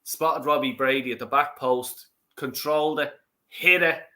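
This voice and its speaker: An Irish man hosting a football watch-along, chatting casually and swearing loudly at the match. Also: medium pitch, fairly even intonation, a little slow.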